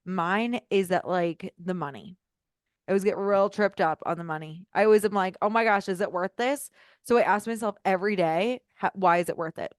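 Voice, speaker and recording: Upbeat woman, business coach, mid pitch, dry close sound. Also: a little fast, no echo. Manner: upbeat, bubbly, animated. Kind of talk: casual group coaching call.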